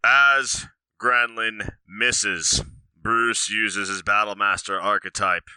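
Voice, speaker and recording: A tabletop player describing his character's moves in a matter-of-fact way. His voice is low and extremely bright, and it sounds dry and close. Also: steady tone, slow pace, clean tone, dry recording. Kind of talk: narrating his character's actions.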